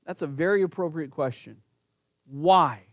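A man's voice: on the high side, measured pace, no echo, muffled recording. A man preaching an earnest sermon, speaking directly to his congregation and rising into pleading emphasis. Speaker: pastor.

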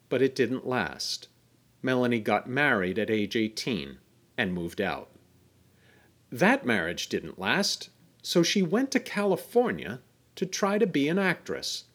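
Male podcast host, scripted narration, explanatory, wry, animated intonation. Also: mid-range voice.

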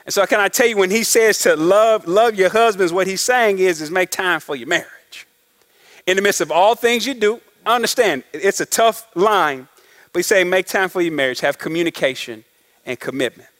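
High-voiced preaching man. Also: moderate pace, fairly bright tone. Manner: preaching with call-and-response asides; acts out couples' voices in quotes. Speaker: pastor. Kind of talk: sermon.

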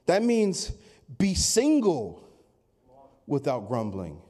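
A man preaching a Sunday sermon, acting out complaining voices and rising to loud, emphatic peaks. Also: fairly high pitch, huge pitch swings, slow. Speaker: pastor.

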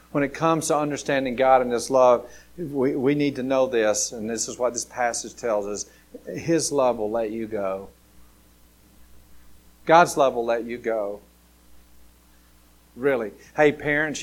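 A man from Alabama with a Southern American accent, preaching a sermon. He talks conversationally and repeats his key phrases for emphasis. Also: medium pitch. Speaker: pastor.

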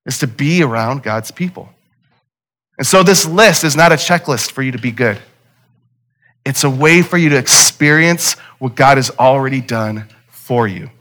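A man's voice: on the high side, fairly bright tone. A man preaching a sermon in a conversational way, building his points through emphatic repetition. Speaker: pastor.

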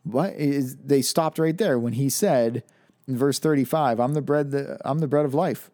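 A man's voice: medium pitch, normal speed, mellow, no echo, studio quality. A man reading scripture aloud and explaining it as a Bible teacher, in a casual, conversational way with rhetorical questions.

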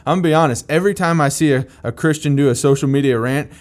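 A man's voice: fairly high pitch, quick pace. A man teaching through a Bible passage in a conversational, plain-spoken way. He is emphatic and repeats key phrases to drive them home.

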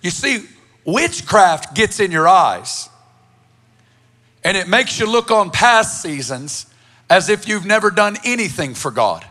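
A man voicing a blunt, cryptic male seer who speaks low, hushed and deliberate. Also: full character voice.

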